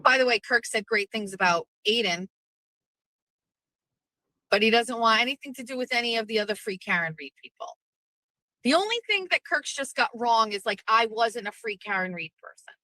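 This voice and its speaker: A middle-aged woman hosting a livestream podcast, ranting in a brash, profane, animated way. Her voice sits high and sounds bright and forceful. The recording is dry and close. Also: normal speed, dry recording, low-quality recording. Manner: brash, swearing, animated storytelling. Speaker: podcast host.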